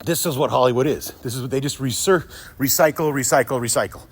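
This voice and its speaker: A man's voice: mid-range voice, fast, slightly rough. A man ranting in a sarcastic, profane commentary monologue, laughing often. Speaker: YouTube commentator.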